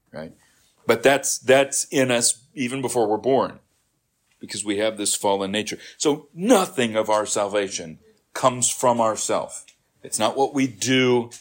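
A man preaching a sermon after a scripture reading, explaining in a conversational way and often checking in with the congregation. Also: medium pitch. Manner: conversational, frequent "right?" checks, restarts.

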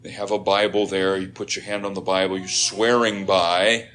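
Middle-aged male preacher, lower voice, conversational sermon with emphatic rises. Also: little pitch movement, normal speed, fairly bright tone, slight background noise.

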